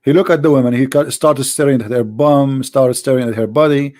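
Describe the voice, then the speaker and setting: A man's voice: mid-range voice, steady tone, brisk, darkish tone. A man hosting a live-streamed debate who talks in a mocking, sarcastic and theatrical way. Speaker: debate host.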